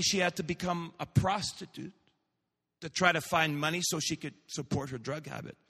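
High-voiced, fervent preacher man. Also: long reverb tail. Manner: storytelling, building to fervent shouted proclamations. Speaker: pastor. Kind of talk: sermon.

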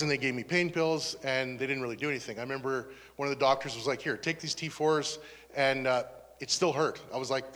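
A pastor with a medium-pitched, fairly bright voice preaches a testimony sermon, sharing his personal story in an earnest, conversational way that turns emotional. Long hall reverb colors the recording.

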